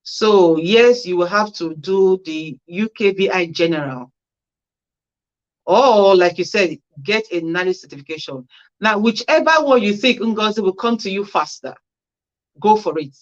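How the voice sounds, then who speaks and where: A care worker hosting a casual livestream, reading out viewer comments and answering each with chatty, practical advice. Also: female voice, medium pitch, measured pace, dull audio.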